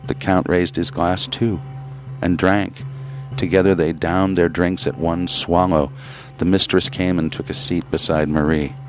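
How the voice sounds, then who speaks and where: A man reading a literary story aloud in a measured, grave way with drawn-out pauses. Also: sits low, flat delivery, soft background music. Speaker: narrator.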